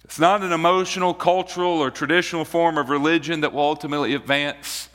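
A man preaching a sermon as pastor, slow and deliberate, repeating key phrases for emphasis. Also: on the high side, fairly even intonation, a bit bright, in a large hall.

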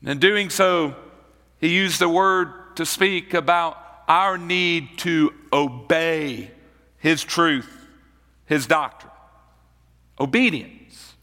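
A man preaching a sermon as pastor, slow and deliberate, repeating key phrases for emphasis. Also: on the high side, sharp tone, long reverb tail.

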